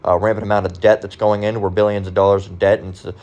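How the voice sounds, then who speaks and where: A man voicing a polished, well-educated young man who explains things in a formal, measured way. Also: lowish voice, little pitch movement, a little mellow, dull audio, voice pushed down, lightly acted. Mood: lecturing.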